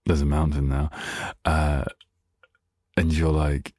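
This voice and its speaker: Male podcast host, unhurried delivery, dry close sound, jokey and rambling. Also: rumbling low, flat delivery, darkish tone, no echo. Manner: playful, rambling, goes off on tangents. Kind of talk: casual solo podcast monologue.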